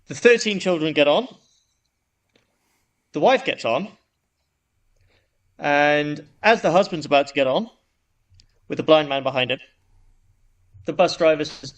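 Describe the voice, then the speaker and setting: A man's voice: a little high, a little slow, long pauses. A man co-hosting a podcast, telling a long joke in a casual, rambling way with frequent restarts. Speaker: podcast co-host.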